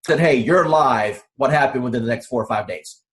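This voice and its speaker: A man's voice: mid-range voice, fairly quick. A man who coaches realtors, interviewing clients with probing, leading questions for a sales testimonial.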